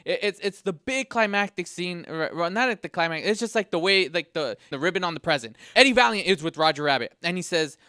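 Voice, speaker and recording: A man's voice: high voice, animated, brisk, hardly any pauses, bright, forceful tone, smooth, dry recording, clean studio sound. A man hosting a podcast segment, delivering an exasperated comedic rant with frequent stumbling restarts. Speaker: podcast host.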